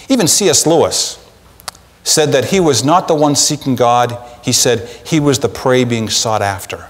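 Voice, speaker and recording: A man preaching a sermon as pastor, in an animated, conversational way with acted asides, in a church sanctuary. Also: medium pitch, moderate pace. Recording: long church reverb.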